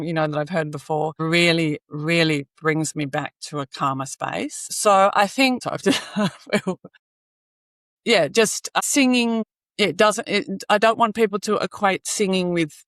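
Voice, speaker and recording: A woman, a guest on a podcast, explaining earnestly with frequent "you know" fillers and soft laughs. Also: sits low, no echo. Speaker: singing advocate guest. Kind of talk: podcast interview.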